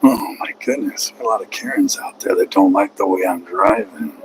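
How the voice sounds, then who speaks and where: A man's voice: fairly low pitch, fairly quick, background noise. A man driving a truck who livestreams to his chat and answers critics with sarcastic, mocking remarks. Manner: sarcastic, mocking, heckles critics in a put-on whiny voice. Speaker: truck driver vlogger. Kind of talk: live-stream rant to chat. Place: inside a truck cab on the road.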